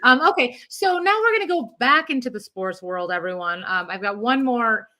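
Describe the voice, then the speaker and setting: A woman co-hosting a sports podcast, chatting casually with quick, animated asides. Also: fairly high pitch. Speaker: podcast co-host. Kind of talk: casual chat.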